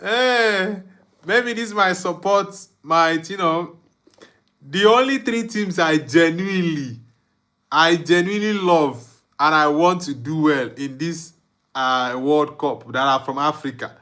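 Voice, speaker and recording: A young Nigerian man hosts a live football watchalong, reading viewer comments aloud and bantering with frequent laughs. His voice is a little high and a little slow, with a sharp tone.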